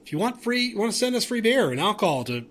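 A man co-hosting a casual sports podcast, excitable and animated, with stammering restarts. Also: sits high, fast talker. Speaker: podcast co-host.

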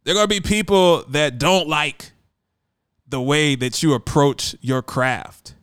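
A man's voice: a little high, a little slow, a bit bright, smooth, no room sound, studio quality. A man who hosts a radio show, talking in a brash, emphatic casual monologue.

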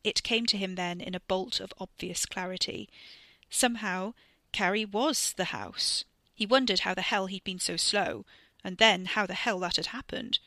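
A woman narrating a scripted story with expressive reading. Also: medium pitch, moderate pace, no room sound. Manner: expressive reading with voiced characters. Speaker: narrator and author.

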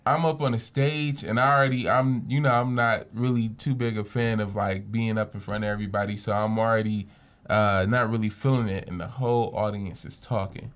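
A young man co-hosting a podcast in casual chat, an animated storyteller who swears freely and acts out what people said. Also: on the low side, a little fast. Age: young adult. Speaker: podcast co-host.

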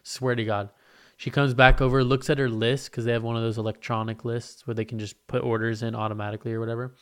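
A man's voice: mid-range voice, level tone, fast talker, smooth. A young man telling a casual storytime rant, profane and sarcastic, acting out the people in it.

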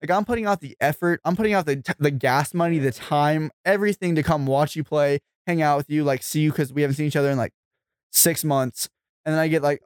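A man's voice: a little high, fast, smooth, no echo. A young man in casual chat, ranting and swearing as he gets heated about flaky friends. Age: young adult.

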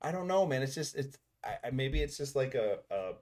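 A man's voice: medium pitch, sing-song, a little fast, a little mellow. A man co-hosting a podcast in casual chat, rambling and exasperated, laughing often. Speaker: podcast co-host.

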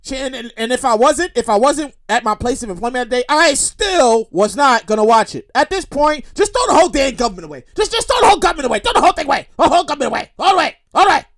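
High, lively man ranting on his show. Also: fast, hardly any pauses. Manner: rambling, repetitive, animated outbursts. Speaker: podcast host. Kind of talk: comedic solo monologue.

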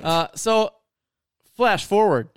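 A man's voice: high-pitched, expressive, slow, clear, resonant tone, no echo, studio quality. Rambling, profane man telling a story. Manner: rambling, profane, full of fillers. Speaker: podcast co-host telling a story. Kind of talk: casual storytelling.

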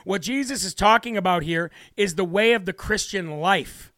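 A high, bright-toned man hosting a talk show, delivering a brash and emphatic monologue in a preachy way. His voice sits in a dry, close sound with no room around it. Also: normal speed, no room sound. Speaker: political talk show host. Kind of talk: opinionated monologue with scripture reading.

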